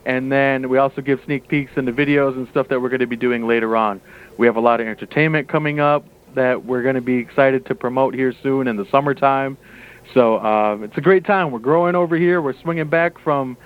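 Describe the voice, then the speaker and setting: A man's voice: medium pitch, steady tone, a little fast, smooth. A man calling in as a guest to promote his workplace, upbeat and full of "uh" fillers, heard over the phone. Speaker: guest, casino staff member. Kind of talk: promotional radio interview by phone. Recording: tinny phone line.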